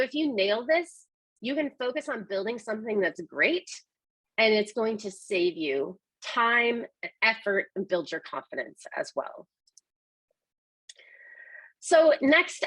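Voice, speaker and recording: A woman's voice: medium pitch, a bit bright, slightly rough, no room sound, low-quality recording. A woman presenting a webinar on conversation design, explaining points with emphasis. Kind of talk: scripted presentation.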